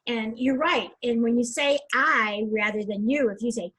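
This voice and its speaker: A woman's voice: on the high side, moderate pace, hardly any pauses, a bit bright, slightly rough, poor audio. An older woman hosting an interview, a lawyer and mediator who frames her questions with her own experience.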